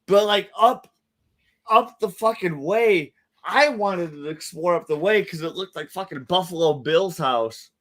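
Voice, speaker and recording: A man hosting a casual podcast tells stories in a loose, profane way, with lots of "like" and other fillers. His voice sits slightly high. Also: lively intonation, a little slow, fairly bright tone. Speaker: podcast host.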